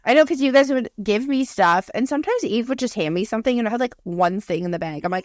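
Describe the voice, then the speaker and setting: A woman in her thirties co-hosting a podcast, chatting candidly with lots of swearing and animated storytelling. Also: on the high side, fast, hardly any pauses, dry recording, studio quality. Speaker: podcast co-host. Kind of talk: casual chat.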